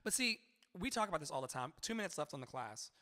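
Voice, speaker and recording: A man teaching a live-streamed singing lesson, animated, breaking into sung lyric lines to demonstrate. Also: a little high, fast, long reverb tail.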